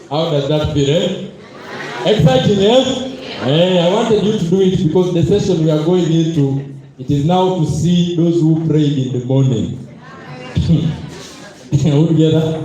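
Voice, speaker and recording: A man with a Zambian accent hosting a motivational event on stage, energetic and playful as he calls on the audience to respond. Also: a little high, unhurried, pauses often, slight background noise. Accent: Zambian English. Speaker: event host. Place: large hall with a live crowd. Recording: echoey hall with crowd.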